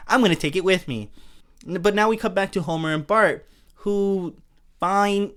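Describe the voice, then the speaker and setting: A man's voice: on the high side, a bit bright. A man hosting a podcast, casually recapping a cartoon episode in a chatty, amused way and often laughing. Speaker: podcast host.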